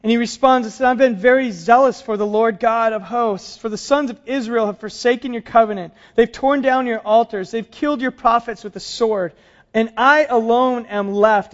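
A pastor preaching a sermon to his congregation, moving between soft, quiet lines and emphatic, raised passages. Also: sits high, muffled recording. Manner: dramatic shifts between soft and emphatic delivery.

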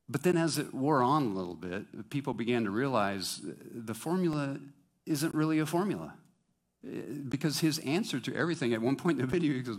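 Man, pastor, lively sermon delivery, chatty and playful with the congregation. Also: mid-range voice, normal speed.

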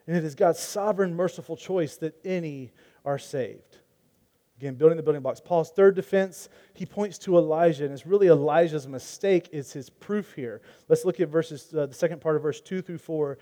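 Male pastor, mellow tone, earnest conversational sermon delivery. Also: fairly high pitch, moderate pace. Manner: earnest, conversational preaching with restarts.

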